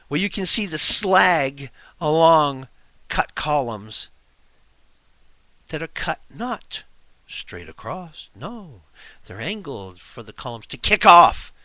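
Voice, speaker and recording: A man rants to his webcam at home in a slow, gravelly, forceful voice. His pitch swings widely as he fires off scornful rhetorical questions. The sound is dry and close. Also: dry recording. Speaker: video blogger. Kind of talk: ranting monologue to camera. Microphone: webcam mic.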